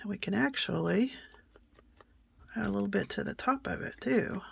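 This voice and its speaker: A middle-aged woman hosting a craft tutorial, telling rambling stories while she works, often dropping to a soft near-whisper. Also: medium pitch, lively intonation, normal speed, creaky, slightly rough. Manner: chatty, rambling, many fillers and restarts. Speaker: craft channel host.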